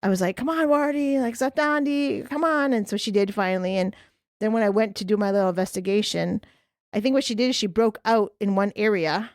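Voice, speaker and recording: A woman co-hosting a podcast in casual chat, chatty and quick to finish her friend's sentences. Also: medium pitch, fairly even intonation, a little mellow, dry recording, clean studio sound. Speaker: podcast co-host.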